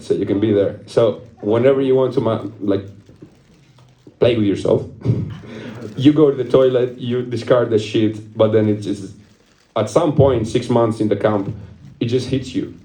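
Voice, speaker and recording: A young man performs a stand-up set, telling a rambling story while laughing at his own jokes and swearing casually. His mid-range voice has a dark tone at normal speed, in an echoey room.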